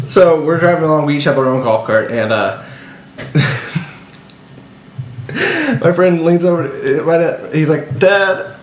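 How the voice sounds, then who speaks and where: A man's voice: on the high side, lively intonation, a little slow, long pauses, slight background noise. A man co-hosting a casual podcast, telling a rambling story with frequent laughter, in an echoey room. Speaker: podcast co-host.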